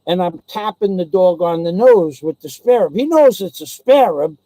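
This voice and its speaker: A man's voice: high voice, expressive, normal speed, dark tone, dry recording, rough recording. A man telling a casual personal anecdote, rambling and digressive with many restarts, blunt and salty in his talk. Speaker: storyteller.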